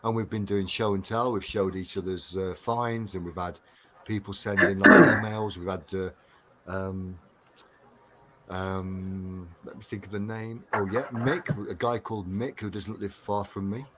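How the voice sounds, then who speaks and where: Low-voiced english guy hosting a live stream, chatty, lots of ums, faint hiss behind. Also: fairly even intonation, measured pace, a bit bright. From Derbyshire, England. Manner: chatty, laughs often, many fillers. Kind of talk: casual live stream chat.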